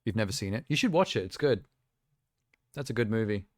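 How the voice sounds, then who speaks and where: A man's voice: on the low side, lively intonation, a little fast, a little mellow, dry recording, clean studio sound. A young man live streaming, chatting casually and rambling with self-amused asides while reacting to trailers.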